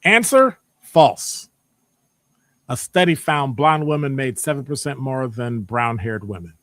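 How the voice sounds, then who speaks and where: A man with a Midwestern American accent, presenting a live online session. He reads out audience answers, quizzes them and teases them in an animated, joking way. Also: mid-range voice, normal speed, no echo. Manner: animated, jokey, teasing the audience. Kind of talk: live-streamed lecture with chat.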